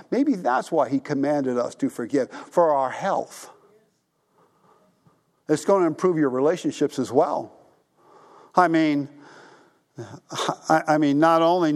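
Man preaching a conversational sermon. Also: a little high. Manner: conversational preaching, asks the congregation questions. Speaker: pastor.

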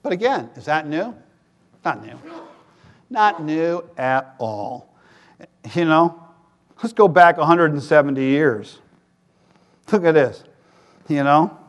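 Middle-aged male pastor with a high voice, chatty sermon delivery and loud emphatic bursts. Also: animated, takes it slowly, pauses often, dull audio. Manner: conversational, joking, rising to loud emphatic peaks.

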